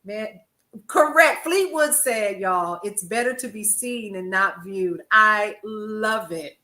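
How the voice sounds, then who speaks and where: A woman's voice: medium pitch, slow pace, sharp tone, echoey room. An older woman, a grandmother, hosting a casual news commentary stream, chatty and laughing often as she talks to her viewers. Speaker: host.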